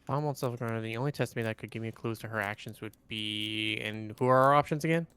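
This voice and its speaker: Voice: medium pitch, racing, a bit bright, clear, resonant tone. A co-player chatting casually during a game playthrough, hesitant and full of fillers.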